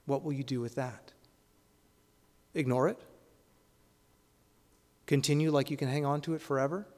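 A man preaching a sermon, leaning on rhetorical questions and swinging between loud emphatic lines and quiet, hushed ones. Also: medium pitch, fairly even intonation, moderate pace, in a large hall.

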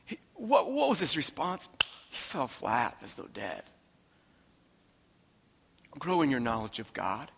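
A man preaching a sermon as pastor, impassioned, swinging from hushed tones to loud emphatic repetition. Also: medium pitch, huge pitch swings, measured pace, creaky, long pauses, slight background noise. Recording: long reverb of a large hall.

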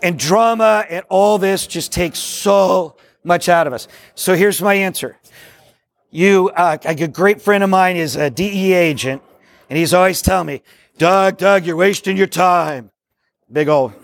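A man giving a live workshop talk to a group, excitable and rambling, jokey and preacherly, in a meeting room. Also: high-pitched, normal speed, vocal fry, no echo. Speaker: workshop speaker on discipleship.

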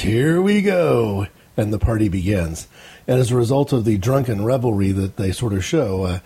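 A man's voice: medium pitch, mellow, breathy edge. An American man hosting a rambling opinion monologue, talking wryly with small hesitations. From United States. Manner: rambling, wry commentary with hesitations. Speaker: host.

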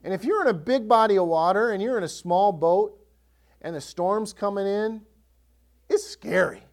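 A man's voice: sits high, normal speed. A male pastor preaching a sermon, telling stories and acting out the voices of the people in them. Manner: animated storytelling, acts out voices.

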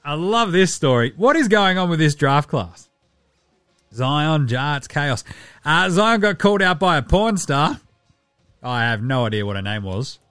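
A man's voice: fairly high pitch, expressive, measured pace, pushed and bright, clear, resonant tone, dry recording, studio quality, faint music behind. A man hosting a casual sports podcast, brash, profane and jokey. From Australia. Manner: brash, profane, jokey, puts on voices for quotes. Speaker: podcast host.

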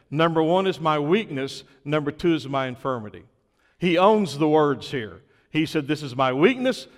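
A man's voice: a little high, long reverb tail. A man preaching a sermon in an earnest way, building to emphatic peaks, recovering from illness. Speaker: pastor.

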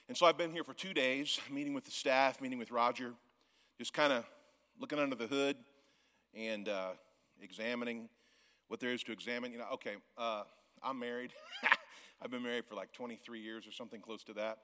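A man in his forties, a guest pastor from the Missouri Ozarks, preaching a sermon in a church auditorium, loud and yelling, often laughing. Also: medium pitch. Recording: long church hall reverb.

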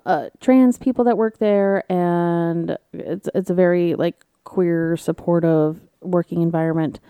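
A woman's voice: fairly low pitch, dark tone, smooth, no echo, clean studio sound. A woman co-hosting a casual chat podcast, telling stories with swearing, laughs and funny voices. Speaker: podcast co-host.

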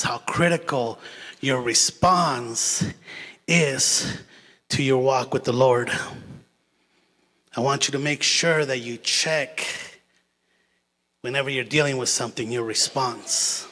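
A man's voice: mid-range voice, takes it slowly, pauses often, sharp tone. A middle-aged man giving a sermon as a guest preacher, telling personal stories in a casual, chatty way. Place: church sanctuary. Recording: long church hall reverb.

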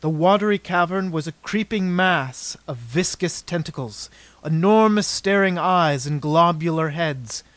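A man reads an adventure novel aloud as an audiobook, keeping a steady, measured pace. His voice is somewhat higher than most men's. The sound is dry and close, with no trace of room echo. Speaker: narrator. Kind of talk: audiobook narration.

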